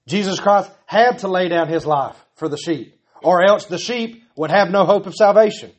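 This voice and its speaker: Pastor guy preaching, earnest, pleading, kinda high voice. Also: moderate pace. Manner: earnest, pleading, repetitive emphasis. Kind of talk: sermon.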